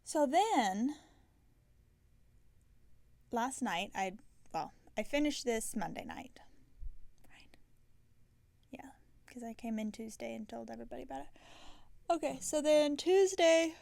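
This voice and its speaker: A tired woman hosting a knitting podcast, chatting casually and rambling, with soft half-whispered asides. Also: on the high side, expressive, measured pace, creaky, long pauses, dry recording. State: tired and yawning. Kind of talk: casual chat. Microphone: self-filmed camera.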